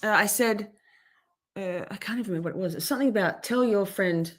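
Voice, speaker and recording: A woman's voice: mid-range voice, quick pace. A young adult woman talking on a livestream, rambling and interrupting herself, swearing often as she vents about something personal while thanking viewers in chat. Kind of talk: emotional personal livestream talk.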